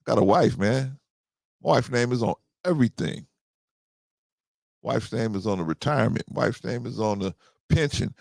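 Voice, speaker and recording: A gravelly man of about fifty chats loosely with his listeners, and his pitch rises and falls a lot. He often circles back with "right?" and repeats his points. The sound is dry and close, with no room echo. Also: expressive, normal speed, pauses often, a little mellow. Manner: conversational, repeats himself, often asks "right?". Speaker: podcast host. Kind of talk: casual talk to listeners.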